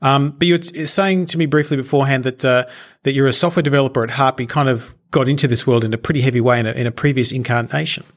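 A man's voice: mid-range voice, steady tone, fast. A man from Australia, hosting a podcast and chatting casually with a guest. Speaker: podcast host. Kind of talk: casual interview chat.

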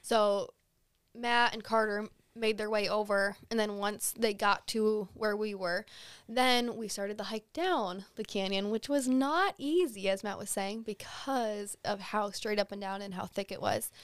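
A young woman, a podcast guest, telling a hunting story in a relaxed, chatty way with plenty of fillers. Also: medium pitch, a little slow, clear, resonant tone, dry recording. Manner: easygoing, frequent fillers, animated when excited. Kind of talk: casual storytelling.

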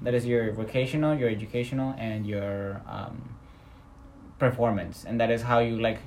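A young adult talks through a school memory in casual chat, the voice sitting at an ordinary middle pitch. The story wanders and often restarts, padded with fillers, over a faint background hum. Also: steady tone, normal speed, darkish tone. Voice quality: rambling, hesitant, many fillers and restarts.

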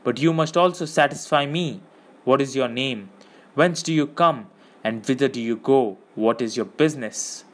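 A man's voice: medium pitch, moderate pace, natural voice. A man reading an audiobook, voicing a stern young male captain who speaks formally and solemnly.

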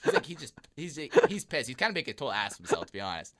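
A man's voice: medium pitch, rapid-fire. A young man hosting a podcast, telling a story casually and acting out the people in it, laughing often. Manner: animated, acts out voices, laughs often. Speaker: podcast host.

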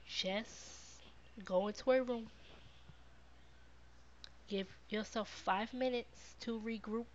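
A woman hosts a live podcast and talks unhurriedly to her viewers, repeating her advice over and over to drive it home. The sound is dull and lo-fi, like a livestream. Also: mid-range voice. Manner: warm, repetitive encouragement, reads viewer comments. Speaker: podcast host. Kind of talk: live-streamed casual talk to viewers.

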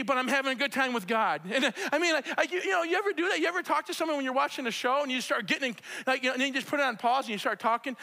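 High-voiced animated man preaching. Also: vocal fry. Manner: animated, repetitive, talks straight to the congregation. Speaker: pastor. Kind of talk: conversational sermon with spoken prayer. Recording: long hall reverb.

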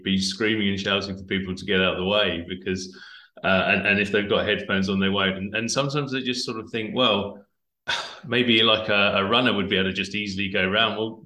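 A man's voice: fairly low pitch, bright, forceful tone, roomy sound. A man hosting an interview, asking questions hesitantly, repeating words and laughing easily. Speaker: podcast host. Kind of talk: casual interview talk.

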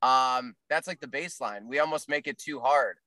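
A man with a bright, forceful voice talks earnestly about faith as a podcast co-host. He stops and restarts his sentences often, and the sound is close and dry with no room echo. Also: mid-range voice. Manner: earnest, halting with frequent restarts. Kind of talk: casual faith discussion.

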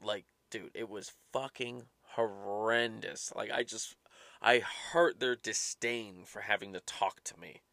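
A man's voice: fairly low pitch, fairly even intonation, takes it slowly, creaky, pushed and bright, no room sound. A young man ranting casually and profanely as a podcast host, exasperated and swearing often. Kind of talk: casual rambling rant.

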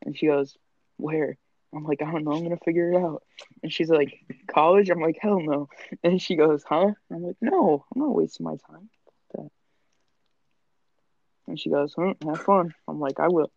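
Gravelly young man, lo-fi. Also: fairly high pitch, moderate pace, pauses often, no echo. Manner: profane, joking storyteller. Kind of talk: casual chat. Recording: dull lo-fi sound.

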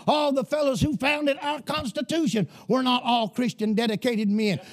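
A male preacher delivering a fiery sermon, often shouting and emphatic. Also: very high-pitched, fairly even intonation, moderate pace.

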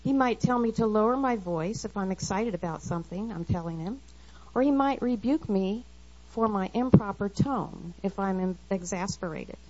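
A woman's voice: medium pitch, normal speed, darkish tone. A middle-aged woman giving an earnest, confessional devotional talk to women and quoting scripture. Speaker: women's Bible study speaker. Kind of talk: devotional talk read aloud. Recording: slightly dull lo-fi recording.

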